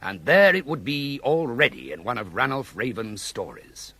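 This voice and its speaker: A man's voice: medium pitch, very animated, normal speed, sharp tone, slightly rough, full character voice. An actor playing a dry, skeptical male police inspector in a radio drama. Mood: musing.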